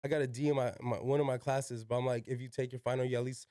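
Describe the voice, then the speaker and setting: A man's voice: medium pitch, flat delivery, fast, warm tone, no room sound, studio quality. A young man, a podcast guest, telling a casual story in slangy talk full of "yo", "like" and swearing. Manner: slangy, peppered with "yo" and "like", swears freely.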